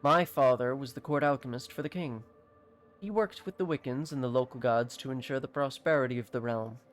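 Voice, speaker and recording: A streamer reading aloud the lines of a solemn exiled male court alchemist from a video game, in a measured and formal way. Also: mid-range voice, natural voice.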